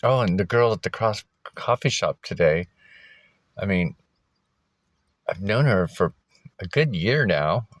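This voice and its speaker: Deep-voiced man rambling casually. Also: animated, a little slow, pauses often, dry recording. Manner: rambling, many fillers and restarts, chuckling. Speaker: vlogger. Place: outdoors at a park.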